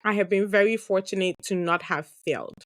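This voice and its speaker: A woman in her thirties speaks a little fast in a medium pitch, with no room sound. She hosts a podcast, answering listener questions through candid, chatty stories, laughing often and packing her talk with fillers and asides.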